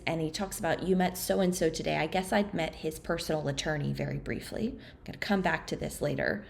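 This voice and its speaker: A woman guest on a podcast interview giving a personal account in a halting, soft-spoken way, with frequent restarts and a slower pace at the hardest moments. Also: low voice, creaky.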